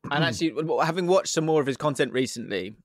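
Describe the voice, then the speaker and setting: A man's voice: on the high side, animated, fast talker, dry recording, studio quality. A man co-hosting a podcast in casual football chat, rambling and giggling, often trailing off mid-sentence. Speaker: podcast co-host.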